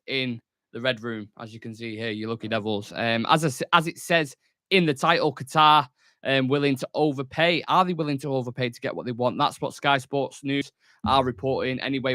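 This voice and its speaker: Working solo in a small studio, a young man from England fronts a football fan news show, keeping it chatty, jokey and full of fillers. He speaks in a mid-range voice that's pushed and bright, with clean studio audio and no room sound.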